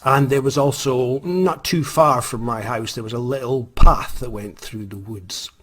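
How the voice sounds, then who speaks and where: A man's voice: mid-range voice, measured pace, fairly bright tone. A Scottish man, an author, tells a story in a rambling, self-mocking way, hesitating with many ums. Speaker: author, vlogger. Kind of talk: casual storytelling.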